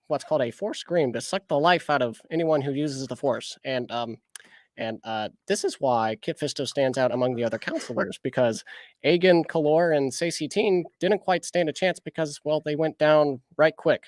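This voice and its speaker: A man's voice: a little high, normal speed, no room sound, lightly acted. Guy putting on a nerdy lore-buff voice, lecturing all formal and dry.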